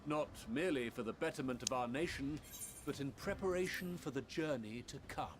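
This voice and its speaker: An actor playing a solemn male official who speaks in a formal, measured way. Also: medium pitch, lightly acted. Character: solemn male official revealing a grave secret. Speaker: game character. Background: game music.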